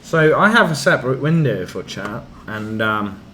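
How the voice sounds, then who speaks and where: A man's voice: mid-range voice, big pitch swings, normal speed, bright, forceful tone, slight background noise. A man streaming a video game, chatting casually in rambling asides. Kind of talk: casual gaming commentary. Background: game music.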